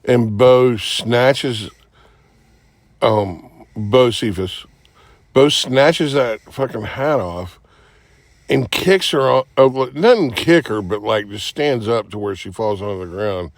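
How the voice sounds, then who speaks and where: A man spinning a rambling, profane yarn in an unhurried drawl. His pitch swings widely as he acts out the people in his story. The sound is dry and close. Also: expressive, no echo. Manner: rambling, profane, acts out quotes with sudden shouts. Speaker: podcast host. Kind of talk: casual storytelling.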